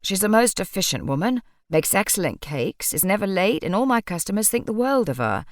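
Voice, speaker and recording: Storybook role: woman doing a harassed, huffy male shopkeeper, lively voice, dry close sound. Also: medium pitch, a little fast, no echo, natural voice. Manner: pleading, huffy. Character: flustered mild-mannered male shopkeeper.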